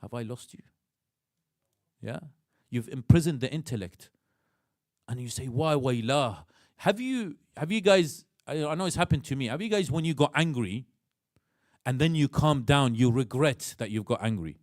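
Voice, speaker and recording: A man with an Iraqi accent giving a religious lecture in a mosque, animated, acting out inner voices and asking the audience questions. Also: mid-range voice, normal speed, no echo, clean studio sound.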